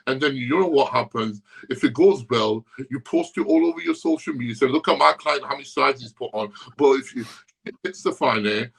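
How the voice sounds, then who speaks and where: A husky-voiced man on a casual podcast, ranting about the gym with a string of curses. His voice sits at an ordinary middle pitch, rough and a little breathy. He tells stories fast and bluntly. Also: fairly bright tone, rough recording. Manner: profane, ranting storyteller. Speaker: podcast guest.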